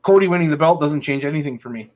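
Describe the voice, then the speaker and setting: A man's voice: a little high, rapid-fire. Ranting, swearing man on a podcast. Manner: angry ranting, heavy swearing. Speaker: podcast host. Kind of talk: casual chat.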